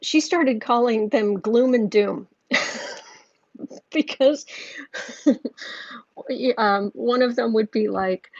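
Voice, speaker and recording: A woman's voice: fairly high pitch, expressive, takes it slowly, long pauses, no room sound, highs cut off. A woman talking through a tarot reading in a loose, rambling way, with lots of restarts. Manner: rambling, chatty storytelling with restarts. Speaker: tarot reader. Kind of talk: casual tarot reading monologue.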